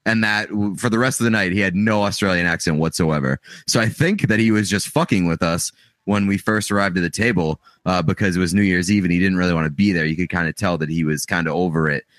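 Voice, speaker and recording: A man's voice: deep voice, quick pace, a bit bright, no room sound, studio quality. A man with a Boston accent co-hosting a casual podcast, telling stories in a wry, laid-back way. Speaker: podcast co-host. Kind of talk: casual chat. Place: remote from co-host, snowstorm.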